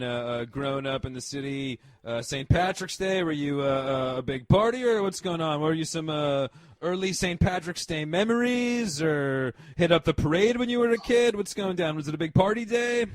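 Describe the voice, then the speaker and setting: Jersey man, 30s, podcast host: high-pitched, excitable, swears a lot, dry close mic. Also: moderate pace, no room sound. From New Jersey. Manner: excitable, swears freely, lots of fillers. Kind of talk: casual podcast chat.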